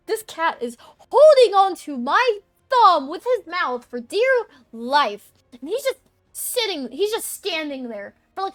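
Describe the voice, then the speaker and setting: A young woman streamer with a high voice tells a story in a loose, rambling way. She stays animated and swears freely as she chats. Faint music plays behind her. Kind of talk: casual storytelling chat.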